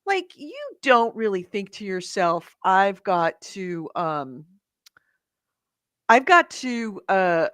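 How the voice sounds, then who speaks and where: A woman co-hosting a casual gaming podcast over a call, animated and swearing freely as she tells stories. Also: mid-range voice, no echo, clean studio sound. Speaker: podcast co-host. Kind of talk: casual chat. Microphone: remote call mic with echo cancellation.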